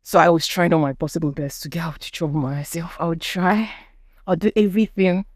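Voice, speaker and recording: A woman's voice: on the low side, fairly even intonation, a little fast, a little mellow, no echo. Nigerian woman telling her story. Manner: earnest storytelling, acts out quoted people. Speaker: podcast guest. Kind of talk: personal testimony in conversation.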